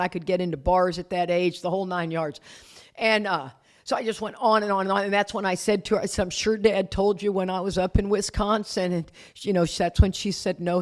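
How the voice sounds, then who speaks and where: A middle-aged woman shares her recovery story at a retreat. She talks candidly, with self-deprecating humor, in a voice of ordinary pitch for a woman. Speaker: recovery speaker. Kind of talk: personal recovery talk.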